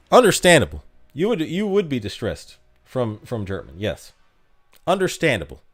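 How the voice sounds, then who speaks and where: A man's voice: mid-range voice, wildly swooping pitch, normal speed. A young man streaming a mobile game, chatting casually with his chat and laughing at himself. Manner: chatty, self-mocking, laughs often.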